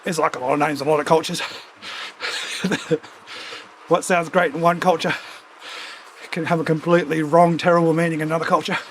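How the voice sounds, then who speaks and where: A man's voice: a little high, fairly even intonation, brisk, pauses often, a bit bright, slight background noise, rough recording. A man with a runny nose from a cold, chatting casually and rambling with asides while riding on a home trainer as a stream host. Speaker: streamer hosting a cycling ride-along.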